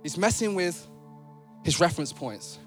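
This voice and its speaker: A man delivers a sermon in a playful, conversational way, his fairly high voice leaping up and down with animation. He speaks to his church with a lively, joking energy. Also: moderate pace, faint music behind. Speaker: preacher. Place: church sanctuary.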